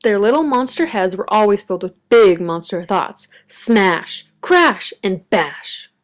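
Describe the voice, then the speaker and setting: Expressive woman reading a picture book aloud. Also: medium pitch, measured pace. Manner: expressive, varied storytelling delivery. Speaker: storybook reader.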